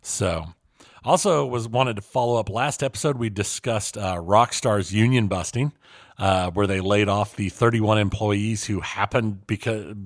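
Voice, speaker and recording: Low-voiced male podcast co-host. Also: unhurried, no echo, studio quality. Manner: relaxed, hesitant, many fillers while reading news. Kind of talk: casual chat.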